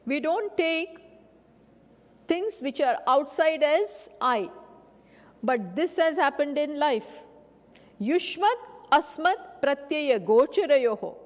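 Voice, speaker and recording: A woman teaching Vedanta in a spiritual lecture. She asks rhetorical questions, answers them herself and repeats key phrases deliberately. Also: sits high. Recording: long hall reverb.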